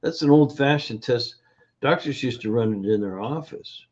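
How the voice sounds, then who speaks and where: A man's voice: medium pitch, darkish tone. A man being interviewed as a nutrition educator, telling stories with many fillers and acting out the people in them. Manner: storytelling, acts out quoted voices, halting with fillers. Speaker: functional nutrition educator, guest. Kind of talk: casual interview over video. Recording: dull lo-fi sound.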